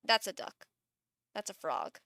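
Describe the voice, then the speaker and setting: A woman's voice: measured pace, sharp tone, dry recording, studio quality. A woman streaming live, chatting casually and thinking aloud while she builds a game character, gushing and laughing.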